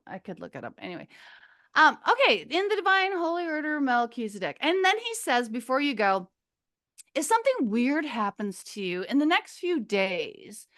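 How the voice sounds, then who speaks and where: Animated high-voiced woman telling a story. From Minnesota, US. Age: middle-aged. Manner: rambling, animated, searches for words, acts out quotes. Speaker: podcast guest. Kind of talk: casual storytelling.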